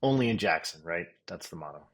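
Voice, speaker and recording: A man with a very low, deep voice tells a tour story on a podcast. His delivery is dry and wry, with casual swearing tossed in. It sounds like relaxed, unscripted chat between co-hosts. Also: fairly quick. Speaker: podcast co-host.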